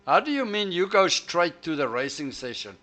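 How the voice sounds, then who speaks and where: Sing-song and a little high, with a pushed, bright quality, a man banters with friends over voice chat during a streamed sim race. He teases them while frequently stopping and restarting his words.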